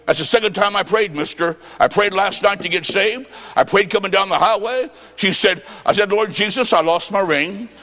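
A man preaching at a revival, telling a story and acting out voices, with bursts of shouting. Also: sits high, normal speed, few pauses, long reverb tail. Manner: dramatic, acts out quotes, shouts praise. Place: church revival service.

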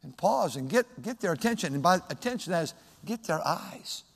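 A man preaching a sermon as pastor, swinging from loud shouted emphasis to soft, hushed asides. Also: a little high, big pitch swings, brisk, creaky, husky. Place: church sanctuary. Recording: long hall reverb.

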